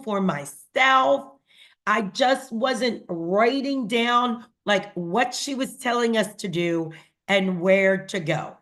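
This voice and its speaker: A woman's voice: mid-range voice, animated, slow pace, fairly bright tone. A woman giving a motivational talk to her team, speaking earnestly to them and acting out conversations as she retells them. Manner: earnest, addresses listeners directly; acts out quoted dialogue with a raised voice. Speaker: team leader speaking to a sales team.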